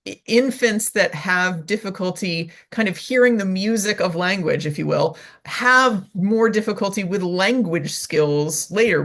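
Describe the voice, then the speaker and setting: A woman violist and researcher, a guest in a casual interview, explaining research in an animated, chatty way with many "like"s and "right?"s. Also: on the low side.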